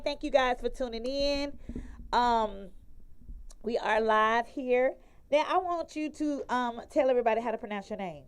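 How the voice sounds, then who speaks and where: Chatty female talk-show host, higher voice. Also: moderate pace, clean tone. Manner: chatty, loose, laughs easily. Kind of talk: casual live interview.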